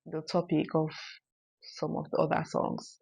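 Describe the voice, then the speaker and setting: A woman's voice: low-pitched, completely flat delivery, measured pace, creaky, darkish tone, husky, dry recording, poor audio. A woman hosting a casual song reaction, chatting through lyrics with lots of fillers. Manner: chatty, filler-heavy analysis. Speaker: music reaction host.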